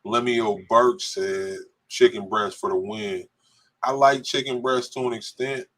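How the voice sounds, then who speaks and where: A man's voice: medium pitch, a little slow, fairly bright tone. A man co-hosting a casual podcast, reading viewer comments aloud and joking with a laugh. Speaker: podcast co-host reading live chat. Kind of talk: casual live-stream chat.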